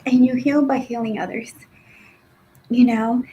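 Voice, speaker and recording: A woman's voice: a little high, steady tone, a little slow, dull audio. A woman in her forties from Nicaragua, speaking as a podcast guest with an emphatic, heartfelt and encouraging motivational style. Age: 40s. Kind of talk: motivational talk.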